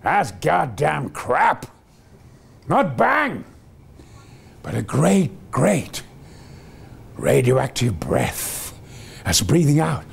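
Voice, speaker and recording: A man's voice: on the high side, huge pitch swings, drawn-out words, gravelly, long pauses, slightly rough, voice pushed down, exaggerated voice. An older man quoting a blunt, emphatic scientist. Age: 80s.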